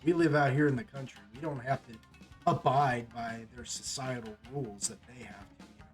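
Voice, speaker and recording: A man's voice: medium pitch, fairly even intonation, fairly quick, soft background music, close to an everyday voice. A man voicing a laid-back male troubadour farmer who talks in a drawling country way. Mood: easygoing.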